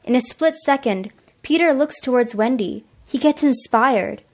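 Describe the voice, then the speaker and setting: Teen girl narrator, reading it out plainly, slightly high voice. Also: animated, unhurried. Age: teens. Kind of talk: storybook narration for a school play.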